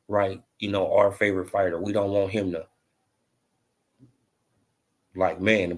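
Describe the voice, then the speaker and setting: A man giving a casual boxing opinion rant, full of slang and fillers like "bro" and "you know". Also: fairly low pitch. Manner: rising to animated mocking in the back half. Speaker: boxing commentary vlogger.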